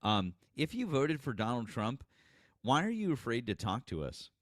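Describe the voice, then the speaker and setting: A man from the Boston area, guest co-host on a casual livestream, joking and mocking with an expressive delivery. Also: mid-range voice, normal speed, noisy background.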